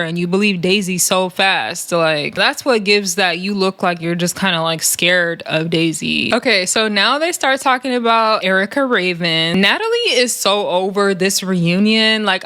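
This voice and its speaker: A woman recapping a reality show in casual gossip commentary, animated and sassy, with frequent slangy asides. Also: mid-range voice, no echo.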